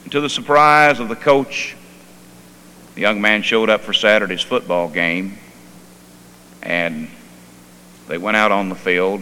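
A male pastor preaching a sermon. He tells stories softly, then rises into fervent preaching. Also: low-pitched. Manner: quiet storytelling that swells into fervent preaching. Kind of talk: sermon with personal storytelling. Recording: long reverb and faint hum.

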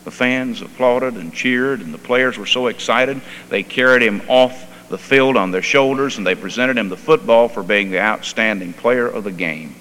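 A man's voice: mid-range voice, normal speed, hardly any pauses. Fervent man preaching in a reverberant hall. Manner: quiet storytelling that swells into fervent preaching. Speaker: pastor. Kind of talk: sermon with personal storytelling. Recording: long reverb and faint hum.

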